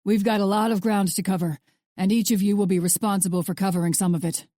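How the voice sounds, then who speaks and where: A woman voicing a gruff male FBI supervisor who talks flatly and bluntly. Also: mid-range voice, quick pace, dry recording, studio quality, close to an everyday voice. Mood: brusque. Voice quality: flat, curt delivery.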